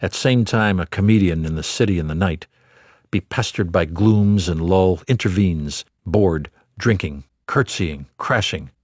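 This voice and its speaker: A man narrating a literary audiobook in a measured, rhythmic reading of dense prose. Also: deep voice, darkish tone, dry recording, studio quality.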